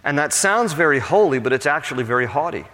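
A male pastor preaching a sermon to his congregation, swinging between impassioned build-ups and hushed, pastoral passages. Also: on the high side, animated, fast talker. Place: church sanctuary with a congregation. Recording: long church hall reverb.

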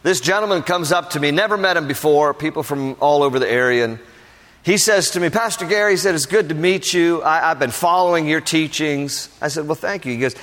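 Pastor preaching in a reverberant hall. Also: male voice, fairly high pitch, a little fast, a bit bright. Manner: storytelling, acts out quoted voices. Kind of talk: sermon. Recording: long reverb of a large hall.

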